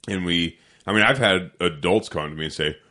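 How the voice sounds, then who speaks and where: A man's voice: low voice, a little fast, pushed and bright. A young adult man co-hosting a podcast, chatting casually and swearing freely in a loose, joking way. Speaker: podcast co-host. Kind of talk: casual chat.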